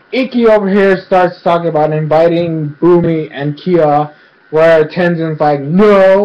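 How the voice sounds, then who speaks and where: A man's voice: a little high, lo-fi sound. A man casually recapping a cartoon episode, rambling with lots of fillers and acting out the characters' lines. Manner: rambling, filler-heavy, acts out quotes.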